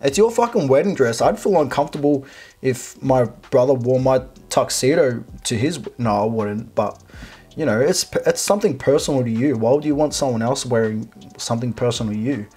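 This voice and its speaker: A man's voice: mid-range voice, animated, a little fast, darkish tone, slightly rough. A man hosting a video, reading out a post and commenting on it in a blunt, sarcastic, profane way. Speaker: video host.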